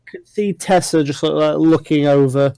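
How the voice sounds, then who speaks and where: A man narrating a tabletop game as game master, describing scenes in an unhurried way with frequent fillers. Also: fairly high pitch, creaky, mellow, clear, resonant tone, no echo, poor audio.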